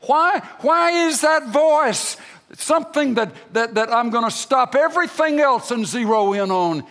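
Older guy preaching, high voice swinging all over, slow and folksy. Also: animated, fairly bright tone, big-room sound. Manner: folksy storytelling preacher, rising to emphatic peaks. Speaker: pastor. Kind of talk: sermon.

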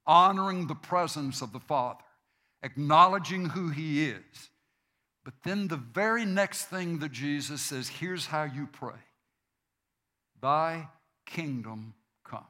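A man preaching a sermon, slow and deliberate, repeating phrases for emphasis. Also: on the high side, bright, forceful tone. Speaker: pastor.

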